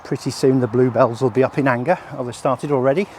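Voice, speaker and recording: A man, a product developer presenting a range test, walks his rural property outdoors, talking casually and out of breath with a rambling, filler-laden delivery. His medium-pitched, darkish voice stays steady in tone, and he talks fast. There's slight background noise.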